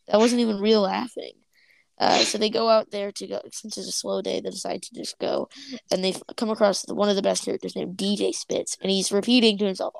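Gravelly-voiced woman rambling through a recap. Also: mid-range voice, flat delivery, brisk, no room sound, poor audio. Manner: rambling plot recap full of fillers. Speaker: podcast co-host. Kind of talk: casual review chat.

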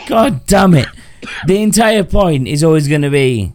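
Ranting sweary podcast host. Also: male voice, high voice, big pitch swings, very slow, long pauses, darkish tone, no room sound. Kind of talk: casual podcast chat.

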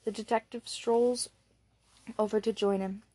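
A woman narrates an audiobook with a measured, low-key delivery. Her pitch stays level and flat throughout, and the recording is close and dry with no room sound. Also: no echo.

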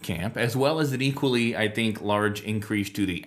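A man's voice: lowish voice, normal speed. A man hosting a podcast, talking through a scripted monologue with wry asides and frequent self-interruptions. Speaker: podcast host teaching on Bible languages.

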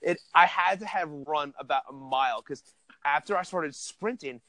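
A young man telling a wild story in casual chat, animated and profane, laughing as he goes. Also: a little high, normal speed, no room sound. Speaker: podcast host telling a story.

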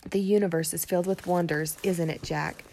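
Morgan, a soft-spoken wise enchantress, as a woman reads her. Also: lowish voice, a little fast, gravelly. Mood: calm. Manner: soft, calm, kindly.

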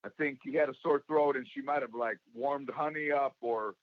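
A man with a gravelly voice, a comedian being interviewed, telling stories and acting out what people said. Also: medium pitch, normal speed, no room sound, narrow, tinny audio. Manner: storytelling, acts out quoted voices. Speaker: guest, comedian and actor. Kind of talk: casual interview talk.

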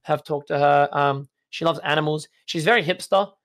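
A man's voice: a little high, normal speed, fairly bright tone. A young man, a guest in a casual chat, rambling with lots of fillers. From Australia. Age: young adult. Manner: rambling, filler-heavy, laid-back.

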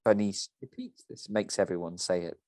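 A man's voice: low-pitched, normal speed, a little mellow, dry recording. A man co-hosting a podcast, reading a script aloud and discussing it with a theatrical delivery.

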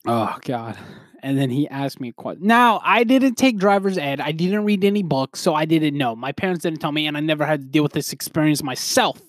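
A young man hosting a casual solo podcast, rambling through a story with laughs and quick restarts. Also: on the high side, animated, no echo, studio quality. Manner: rambling, laughing, quoting others in put-on voices. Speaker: podcast host.

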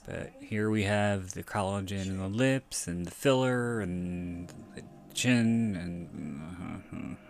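Slow, low-voiced man rambling. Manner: rambling, frequent self-corrections and profanity. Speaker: podcast host. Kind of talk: casual movie commentary.

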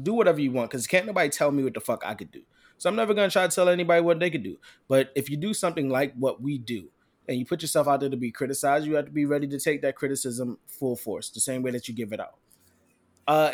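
A man co-hosting a casual podcast chat, full of brash, boastful trash talk. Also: a little high. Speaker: podcast co-host.

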